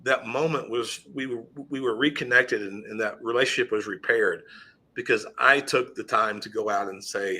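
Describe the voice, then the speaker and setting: A middle-aged man with a bright, forceful, slightly husky voice tells a classroom story on a podcast. He speaks in earnest, circling back and restarting his sentences as he goes. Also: mid-range voice, normal speed. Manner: earnest, with frequent restarts and trailing asides. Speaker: teacher and podcast guest. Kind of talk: conversational storytelling.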